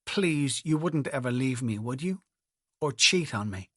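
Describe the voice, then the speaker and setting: A frightened young wife who pleads through her tears and clings to her husband, as a male narrator reads her lines. Her voice sits at a middling pitch and sounds close and dry, with no room around it. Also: expressive, measured pace, a bit bright, dry recording. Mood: pleading. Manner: pleading, tearful. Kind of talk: audiobook dialogue reading.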